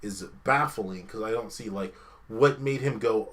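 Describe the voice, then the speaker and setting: A man's voice: fairly low pitch, a little slow, a bit bright. A man co-hosting a casual podcast chat, ranting sarcastically and swearing freely. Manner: ranting, profane, sarcastic critique. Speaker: podcast co-host.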